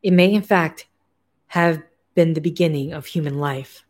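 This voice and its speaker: A woman voicing an excited male scientist who speaks urgently and insistently. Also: on the high side, normal speed, natural voice.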